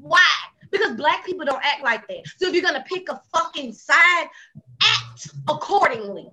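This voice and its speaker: A woman's voice: high-pitched, normal speed, low-quality recording. A woman in her thirties, a talk show host, chatting casually and telling stories with heavy profanity. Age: 30s. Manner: animated storytelling, heavy profanity, acts out quoted people. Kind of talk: casual chat.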